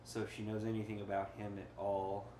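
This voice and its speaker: Guy player at the game table, lowish voice, laughs a lot, echoey room. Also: a little fast. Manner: laughing, animated planning. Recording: echoey room, faint noise.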